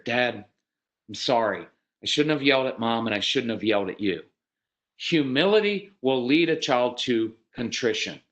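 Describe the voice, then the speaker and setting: A man in his fifties giving a seminar talk to parents, telling stories animatedly, acting out quotes and repeating words as he starts sentences. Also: mid-range voice. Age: 50s. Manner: animated storytelling, acts out quotes. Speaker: parenting speaker.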